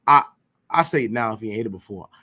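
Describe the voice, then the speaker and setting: A man's voice: on the low side, lively intonation, fast talker, pushed and bright. A man teaching an informal scripture class, emphatic and slangy, firing rhetorical questions and checking in with his listeners. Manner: emphatic, rhetorical questions, slangy, keeps asking "you know what I'm saying".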